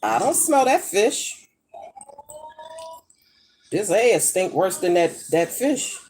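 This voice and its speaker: A woman's voice: mid-range voice, sing-song, slow, darkish tone. A middle-aged woman chatting casually while she cooks in her home kitchen, brash and profane as she tells gossipy stories. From United States. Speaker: vlogger. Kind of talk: casual chat while cooking.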